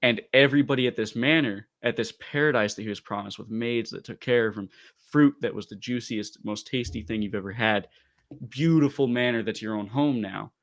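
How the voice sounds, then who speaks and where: A man co-hosting a casual podcast, retelling a story in an animated way with loose asides. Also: mid-range voice, fairly quick. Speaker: podcast co-host reviewing comics.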